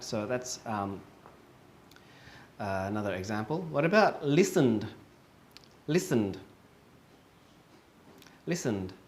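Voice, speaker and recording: A man with a mid-range voice teaches English pronunciation online, patiently repeating every word for learners. He uses many fillers and corrects himself often, and a little hiss or hum can be heard.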